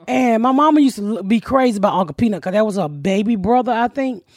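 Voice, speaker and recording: A woman's voice: a little high, animated, quick pace, a little mellow. A woman with a Georgia Southern accent hosting a podcast, telling stories bluntly and profanely and laughing often. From Georgia, USA. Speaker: podcast host. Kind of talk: casual comedic storytelling.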